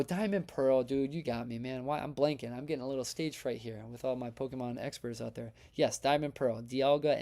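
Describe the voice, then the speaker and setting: A man's voice: mid-range voice, mellow. A man hosting a live stream, chatting casually and energetically with his chat and reading out their votes. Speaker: livestream host.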